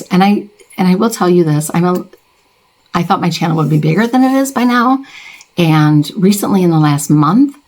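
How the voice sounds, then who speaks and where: Middle-aged woman beauty vlogger, deep voice, rambling, heartfelt, chatty. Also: darkish tone. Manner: rambling, earnest, self-correcting. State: close to tears. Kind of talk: casual get-ready-with-me chat.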